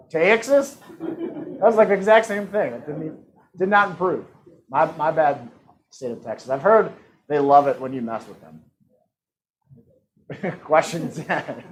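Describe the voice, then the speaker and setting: A man's voice: fairly high pitch, poor audio. A man hosting a live-streamed trivia game, reading questions and answer options in a playful, teasing way. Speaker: trivia host.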